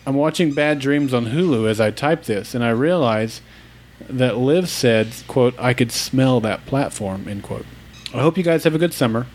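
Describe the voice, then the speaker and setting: A man's voice: medium pitch, normal speed, a little mellow, slight background noise. Easygoing male podcast co-host. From Oklahoma. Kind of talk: casual podcast chat, reading listener emails.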